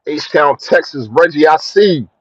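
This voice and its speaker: A young man chatting casually on a sports live stream, slangy and shouting out his viewers. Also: unhurried, breathy edge, no echo. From Philadelphia. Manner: slangy, shouts out viewers, lively swings in pitch. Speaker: sports vlogger. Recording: dry, dull lo-fi phone audio.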